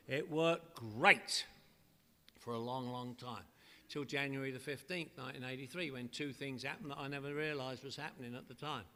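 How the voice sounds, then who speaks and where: Older male speaker, high bright voice, punchy comic storyteller, reverberant hall. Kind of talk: humorous recovery talk at a meeting. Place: meeting hall with a live audience. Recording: live talk in a reverberant hall.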